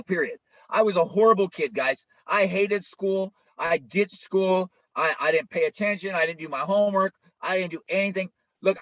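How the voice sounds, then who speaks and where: A man's voice: on the high side, a bit bright, no echo. A male pastor preaching an informal, conversational sermon, often checking in with listeners by asking "right?". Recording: dull lo-fi, dry sound.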